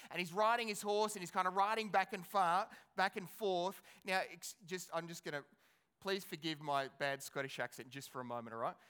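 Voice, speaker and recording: A male pastor preaching a sermon in an animated, conversational way, asking his congregation rhetorical questions. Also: high-pitched, clear, resonant tone.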